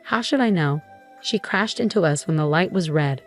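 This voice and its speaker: A woman's voice: low voice, expressive, normal speed, soft background music. A woman reading as a resentful, demanding husband. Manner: accusing, dismissive.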